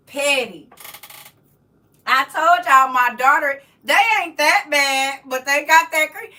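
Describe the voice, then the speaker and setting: Middle-aged lady chatting on a livestream, high voice, slow and teasing, kinda far from the mic. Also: sharp tone. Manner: playful teasing, laughs often. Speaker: livestream host reading chat. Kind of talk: casual live chat. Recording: distant from the mic.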